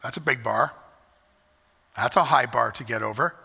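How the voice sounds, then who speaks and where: A man's voice: mid-range voice, moderate pace, creaky, sharp tone, breathy edge. A male pastor preaching a sermon, emphatic and repeating key phrases as he questions the congregation. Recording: echoey hall with long reverb.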